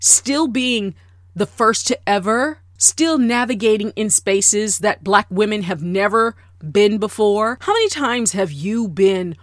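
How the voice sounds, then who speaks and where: A woman hosting a casual monologue, emphatic and deliberate, repeating words to drive her point home. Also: mid-range voice, lively intonation, dry recording, clean studio sound. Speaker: podcast host.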